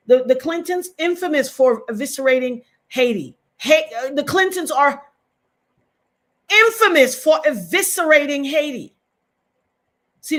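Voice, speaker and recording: Middle-aged woman ranting on a live stream, fired up, keeps repeating herself for emphasis. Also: a little high. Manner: impassioned, emphatic and repetitive.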